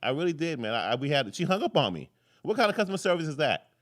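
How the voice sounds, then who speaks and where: A man's voice: a little high, sing-song, fast, fairly bright tone. A man hosting a live political commentary show, talking casually, rambling off on tangents and cursing freely. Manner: rambling, jumps between tangents, curses freely.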